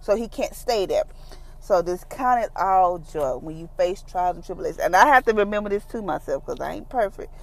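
A woman hosting a devotional podcast, talking about faith in a relaxed, conversational, folksy way. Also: on the low side, brisk, vocal fry, poor audio. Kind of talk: casual devotional talk.

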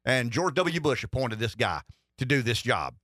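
A man's voice: mid-range voice, big pitch swings, moderate pace, a bit bright, no room sound, clean studio sound. A middle-aged man hosting a political talk radio show, rambling and wry, with lots of restarts. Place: radio studio.

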